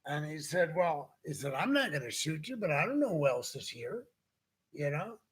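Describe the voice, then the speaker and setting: A man's voice: fairly high pitch, big pitch swings, moderate pace, husky. A man hosting a casual talk show, telling a long anecdote and acting out the people in it. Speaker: podcast host. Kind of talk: casual storytelling chat.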